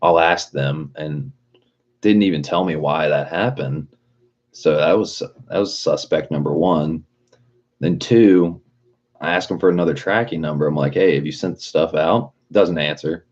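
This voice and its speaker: A man's voice: very deep voice, normal speed, darkish tone, highs cut off. A man talking casually on a livestream, ranting in a rambling, profane way and reading out chat messages.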